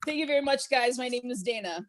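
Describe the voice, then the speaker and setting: A woman doing a stand-up set of deadpan one-liners over a live stream from home, often laughing at her own jokes. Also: a little high, fast talker. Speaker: stand-up comedian.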